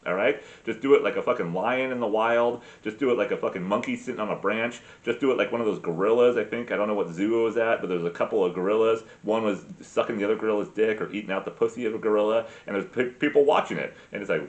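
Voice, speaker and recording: A man's voice: lowish voice, quick pace, hardly any pauses, dull audio. A man in his forties rambling through a profane, comedic monologue as a podcast host, forever drifting off on tangents.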